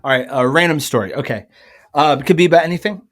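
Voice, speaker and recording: A man telling a funny personal story as a podcast guest, casual and animated, with many fillers and self-corrections. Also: on the high side, fast, heavy background noise. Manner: animated, acts out quoted voices. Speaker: guest musician.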